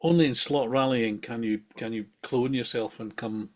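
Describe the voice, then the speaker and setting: A man's voice: mid-range voice, fairly even intonation, moderate pace. A man co-hosting a casual podcast, talking in a rambling, wry, self-deprecating way. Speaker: podcast co-host. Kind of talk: casual chat.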